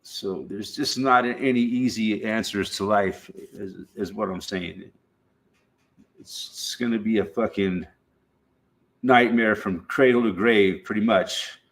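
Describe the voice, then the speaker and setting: A middle-aged livestream host from the United States talks in a lowish voice with fairly even intonation. Rambling and casual, he swears freely, laughs often between thoughts, and draws his speech out slowly.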